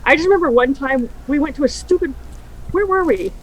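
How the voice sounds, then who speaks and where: A woman radio host remembering a late friend, soft and hushed when grieving and lively when telling stories. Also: high-pitched, a little fast, slight background noise, rough recording. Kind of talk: tearful tribute chat.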